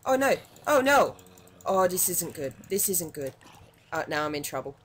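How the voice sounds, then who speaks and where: An Australian woman commenting on her gameplay in a casual, excitable way, muttering to herself between sudden yelps. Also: high-pitched, slow pace, long pauses. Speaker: gaming channel host.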